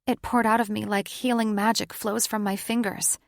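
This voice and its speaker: A woman voicing a frightened young pregnant woman in an audiobook, with a breathy, lifted voice. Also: mid-range voice, little pitch movement, moderate pace, no room sound, studio quality, pitched above the performer's own voice, close to an everyday voice. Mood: anxious.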